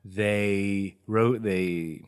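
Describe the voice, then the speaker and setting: A man's voice: lowish voice, steady tone, very slow, smooth. A man co-hosting a podcast, riffing playfully and swearing casually. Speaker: podcast co-host. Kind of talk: casual chat.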